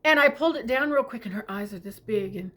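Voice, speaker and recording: A middle-aged woman telling a personal family story, tender and unhurried, often sinking to a whisper. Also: on the high side, expressive, pushed and bright.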